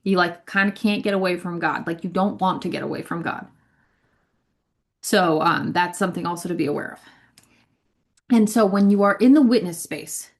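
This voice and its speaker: A woman who leads a ministry, giving a casual spiritual teaching talk, chatty and repetitive, often checking in with "right?". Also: mid-range voice. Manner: conversational, frequent "right?" and "like", repeats words. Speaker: ministry leader.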